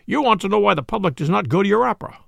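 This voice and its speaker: A man's voice: high voice, lively intonation, racing, gravelly, fairly bright tone, no room sound, clean studio sound, full character voice. A man voicing a vain, proud male detective, with a haughty, declamatory delivery.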